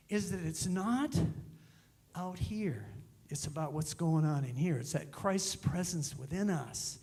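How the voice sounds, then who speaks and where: A middle-aged male minister giving a conversational, animated sermon in a church. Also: high-pitched. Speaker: guest minister. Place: church sanctuary.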